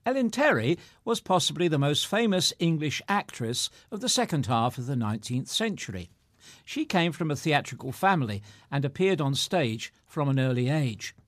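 A man presenting between readings, in a lively and wry storytelling way. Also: a little high, moderate pace, no echo, clean studio sound.

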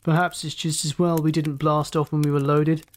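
A reader voicing a cool, drawling villain. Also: male voice, fairly high pitch, level tone, moderate pace, lightly acted. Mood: cool menace. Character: cool, menacing male villain with a blaster.

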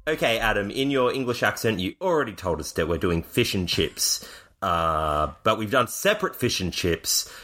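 A man's voice: lowish voice, expressive, normal speed, bright, forceful tone. A man co-hosting a podcast, chatting casually with sarcastic, joking remarks. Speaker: podcast co-host.

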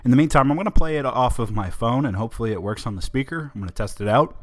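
A man's voice: mid-range voice, rapid-fire. A man hosting a political podcast, giving opinionated, emphatic commentary in a conversational way. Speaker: podcast host.

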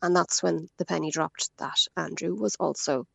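Irish woman, radio guest, gravelly voice, dry close sound, animated storyteller. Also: sits low, normal speed, dry recording. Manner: animated storytelling, quotes others. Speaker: scam victim guest. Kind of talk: radio interview.

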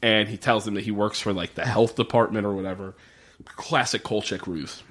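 A man's voice: on the low side, normal speed, husky. A man co-hosting a casual chat, recapping a TV episode, laughing often and swearing freely. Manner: laughing often, animated, profane. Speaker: podcast co-host.

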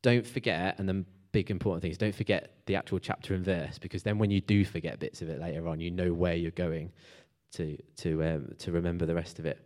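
A man's voice: low voice, steady tone, a little fast, few pauses, a little mellow. A man preaching a casual, conversational sermon to a church group, with fillers and restarts.

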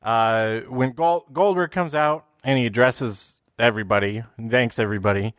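A man in a loose, rambling recap, stumbling through restarts and fillers before landing on his point. His voice sits at an ordinary middle pitch. The sound is close and dry, with no room around it. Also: moderate pace, a bit bright, no echo. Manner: puts on silly voices for quotes. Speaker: wrestling recap host. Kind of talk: casual show recap.

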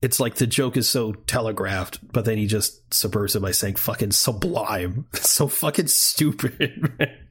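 A husky-voiced man in casual podcast conversation. He laughs a lot and slips into sarcastic jokes. His speech is loose and animated. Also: fairly low pitch, moderate pace, few pauses. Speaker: podcast co-host. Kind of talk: casual chat.

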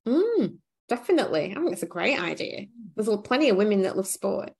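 A woman co-hosting a casual podcast chat, upbeat and quick to react and ask questions. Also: medium pitch, very animated, gravelly, darkish tone. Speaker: podcast co-host.

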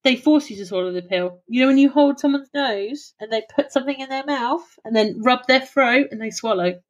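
A woman co-hosting a podcast in casual chat, animated and swearing freely as she spins playful theories. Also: sits high, fairly quick, dull audio. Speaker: podcast co-host.

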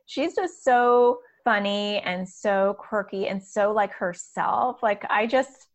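A chatty woman in her thirties hosts a relaxed podcast chat. She talks in an upbeat way, full of fillers, quick asides and laughter, and her pitch sits in a middle range. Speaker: podcast host and community organizer. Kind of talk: casual conversation.

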